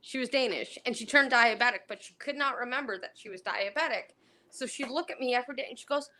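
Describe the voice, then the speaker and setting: A woman's voice: fairly high pitch, quick pace. A woman, a former dietary aide, chatting casually and telling stories with frequent laughter. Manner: lively storyteller who laughs often. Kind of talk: casual chat.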